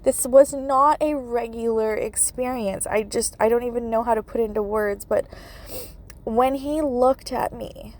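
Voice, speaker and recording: A woman's voice: on the high side, steady tone, unhurried, darkish tone. A woman hosting a podcast, telling a personal story with many fillers and laughing through tears. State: tearful. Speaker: podcast host, medium.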